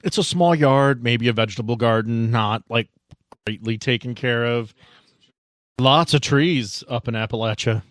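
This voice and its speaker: A man's voice: medium pitch, moderate pace, a bit bright, no echo, studio quality. Laid-back man running a tabletop game. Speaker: game master.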